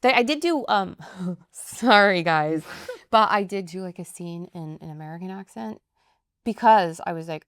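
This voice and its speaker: Actress guest, woman, lively and chatty, clean dry studio voice. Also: lowish voice, normal speed, smooth, dry recording. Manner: animated, chatty, laughs easily. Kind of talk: casual interview chat.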